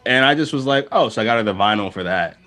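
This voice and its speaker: A man's voice: on the low side, fast talker, faint music behind. A man co-hosting a podcast, telling stories in casual slangy banter. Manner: lively storytelling with slangy banter. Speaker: podcast co-host. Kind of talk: casual chat.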